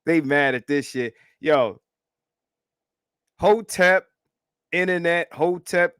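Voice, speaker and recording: Male livestream host, profane live commentator, slow unhurried delivery, dry close sound. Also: medium pitch, no room sound. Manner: profane, animated and repetitive, laughs often. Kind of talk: casual live commentary reacting to clips.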